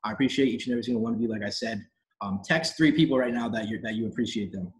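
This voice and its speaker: A man's voice: fairly low pitch, very fast, low-quality recording. A man hosting a live online training call, giving an emphatic, repetitive motivational talk in slangy, casual speech. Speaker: host of a team training call.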